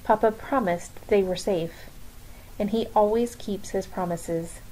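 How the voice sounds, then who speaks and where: A woman reading the lines of a brave young girl who comforts her friend, in a gentle voice. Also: medium pitch, a little slow, a little hiss or hum, natural voice, poor audio. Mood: reassuring. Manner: reassuring, then urgent whisper.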